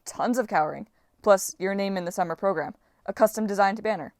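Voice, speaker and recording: A quick-witted teenage demigod hero, persuasive and fast-talking, read out by a woman. His voice stays in a middle register. Close, dry audiobook recording. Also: mid-range voice, a little mellow, dry recording, lightly acted.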